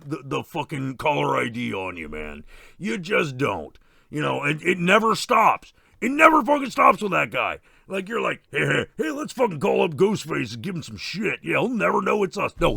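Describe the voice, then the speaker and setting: A man doing a gravelly, foul-mouthed slasher. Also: a little high, bright, forceful tone, dry recording, studio quality, heavily acted. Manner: rambling, swearing, irritable rants. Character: crude, excitable masked slasher killer, male adult. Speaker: stream host in character. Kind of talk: in-character comedy Q&A.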